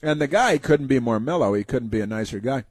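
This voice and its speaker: A man's voice: mid-range voice, lively intonation, a little fast, darkish tone, slightly rough, dry recording. A man hosting a talk show, giving sarcastic, rambling commentary with many fillers.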